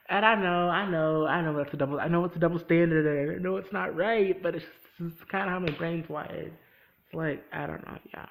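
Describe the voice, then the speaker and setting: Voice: medium pitch, a little fast, vocal fry, low-quality recording. A vlogger recapping a TV episode in casual chat, talking straight to the viewer with lots of energy. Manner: animated, talks straight to the viewer. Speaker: TV episode reviewer.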